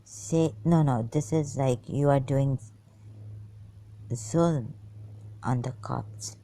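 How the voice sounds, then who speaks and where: A woman's voice: extremely low pitch, slow pace, mellow, low-quality recording. A woman reading historical texts aloud and commenting on them, musing and hesitant, stopping to puzzle over words and dropping some to a whisper. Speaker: channel host.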